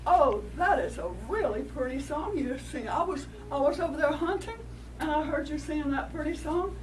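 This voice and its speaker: A woman's voice: high-pitched, expressive, moderate pace, voice pushed up. A woman storyteller voicing an eager, pushy male coyote who wheedles and bristles. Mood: admiring. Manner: wheedling then indignant, theatrical. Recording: distant mic, noisy room.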